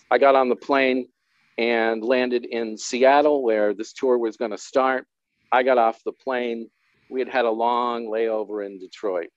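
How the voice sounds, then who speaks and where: A man's voice: fairly low pitch, no echo. A man telling his recovery story in a candid interview, rambling and self-deprecating with wry humor. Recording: dull, dry lo-fi sound.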